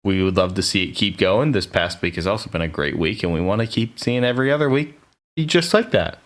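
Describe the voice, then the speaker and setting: Brief: American man, low voice, casual teasing podcast co-host. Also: animated, a little fast. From United States. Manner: joking, teasing, rambling. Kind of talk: casual chat.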